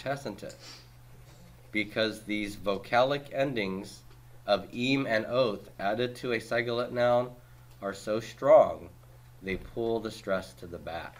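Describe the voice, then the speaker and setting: A man teaching a class, reviewing homework by asking brisk questions and cracking dry jokes. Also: lowish voice. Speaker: Hebrew teacher.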